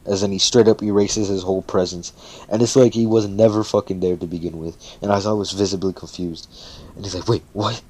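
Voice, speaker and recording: A man's voice: low-pitched, steady tone, fast, darkish tone. A man casually telling a fan-fiction story, talking loosely with swearing and frequent fillers.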